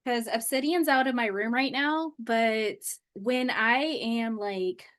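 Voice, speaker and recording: A bubbly woman talks casually to a live stream, her voice sitting a little high. She keeps the tone loose and chatty, tossing in plenty of fillers as she talks from her home office. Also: takes it slowly, fairly bright tone. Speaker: manifestation coach.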